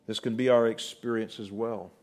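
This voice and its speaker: A man preaching a sermon, swinging from loud, rising declarations to soft, slow, hushed passages. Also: fairly low pitch, fairly even intonation.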